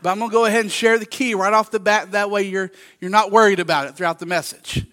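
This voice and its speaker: A male pastor preaching a sermon, telling stories with lively acted-out voices. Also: high voice, fast. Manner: animated storytelling, acts out voices in anecdotes.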